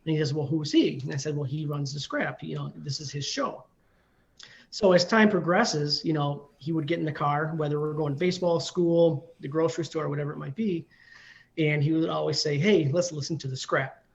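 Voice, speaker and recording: A firefighter in his forties chats as a guest and tells a long story, filling gaps with ums and you-knows. His voice is a bit high for a man. The audio comes through dull and lo-fi, like a call. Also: fairly even intonation, a little fast, vocal fry. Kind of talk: casual interview storytelling.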